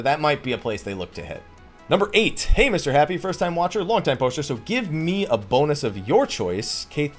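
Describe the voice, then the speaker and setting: A man hosting a casual Q&A, reading viewer questions aloud and answering bluntly with jokes. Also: mid-range voice. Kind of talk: casual Q&A chat about a video game.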